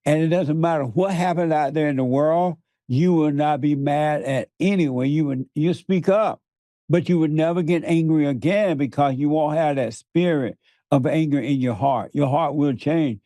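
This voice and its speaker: A man with a rather high but mellow voice preaches in conversation, piling up repeated words for emphasis and chuckling between points. The sound is dry and close. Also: moderate pace, dry recording. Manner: laughs often between points. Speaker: guest.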